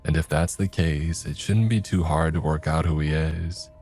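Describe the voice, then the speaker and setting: A man telling a scripted first-person horror story, grave and steady, with stern lines of dialogue. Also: extremely low pitch, normal speed, faint music behind.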